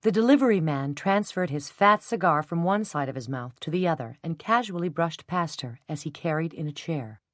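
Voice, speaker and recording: A woman narrating a novel in an even, measured storytelling voice. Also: low-pitched, no echo, clean studio sound. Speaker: audiobook narrator. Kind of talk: scripted narration.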